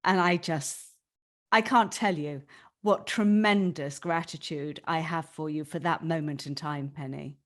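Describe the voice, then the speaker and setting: Woman, podcast host, lowish voice, candid, emotional storytelling, casual swearing. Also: a little slow. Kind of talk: personal storytelling to a guest.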